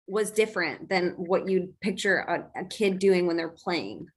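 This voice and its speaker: A woman's voice: fairly low pitch, measured pace, breathy edge. Woman host asking probing questions. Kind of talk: interview questions.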